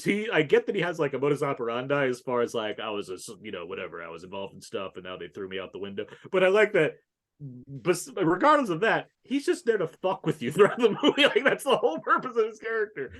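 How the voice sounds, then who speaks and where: Animated man in a casual film chat. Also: a little high, fast talker. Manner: animated, laughs often, swears casually. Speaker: podcast co-host.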